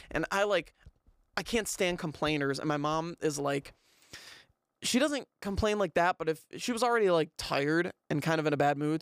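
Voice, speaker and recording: A young man hosting a podcast, telling a rambling, animated story in a casual way. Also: on the high side, a little fast, clear, resonant tone, no echo, studio quality. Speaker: podcast host.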